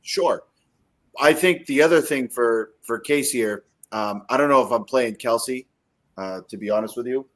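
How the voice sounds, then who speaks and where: A man co-hosting a casual fantasy football podcast, telling animated stories and acting out scenes. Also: mid-range voice, unhurried. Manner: animated storyteller, acts out scenes. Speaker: podcast co-host.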